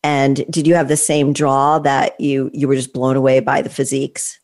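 A woman's voice: rumbling low, level tone, normal speed, a little mellow. Enthusiastic woman in her sixties hosting. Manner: enthusiastic, talkative, leading questions. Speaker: interview host. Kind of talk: conversational interview.

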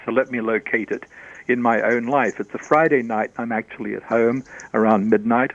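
An Australian man, a guest on a radio show, tells a story in an animated way and repeats words for emphasis. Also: mid-range voice, lo-fi sound. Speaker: guest, shaman and author.

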